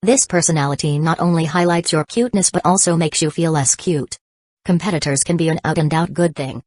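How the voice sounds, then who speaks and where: A woman voicing a calm, confident teenage boy in a storybook reading, with a smooth, even delivery. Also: low voice, a little fast, no room sound. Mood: calm teasing.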